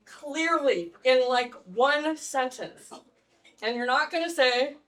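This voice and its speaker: A woman teaching a live networking workshop, telling animated stories with laughs. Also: high voice, takes it slowly, recorded from a distance, rough recording. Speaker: networking trainer. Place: meeting room with audience.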